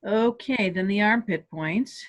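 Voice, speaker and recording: A woman calmly guiding listeners step by step through a stress relief tapping exercise on a video call. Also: medium pitch, unhurried. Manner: calm step-by-step coaching. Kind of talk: guided tapping exercise instruction. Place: home office on a webinar.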